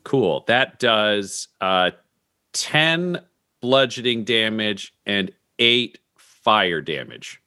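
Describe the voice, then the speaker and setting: Male tabletop player, casual and profane, bright forceful tone, dry close sound. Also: on the low side, lively intonation, drawn-out words, no echo. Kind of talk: describing his character's actions in a tabletop game.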